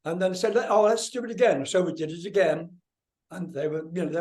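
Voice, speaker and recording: A high, fairly quick male voice. An older guest musician tells stories in a casual interview, animated and freely swearing while mimicking other people's voices.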